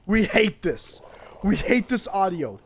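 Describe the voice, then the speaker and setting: A man's voice: high voice, slow, slight background noise. A young man streaming a game, rambling and swearing freely in casual chat with a friend. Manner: rambling, excitable, swears a lot.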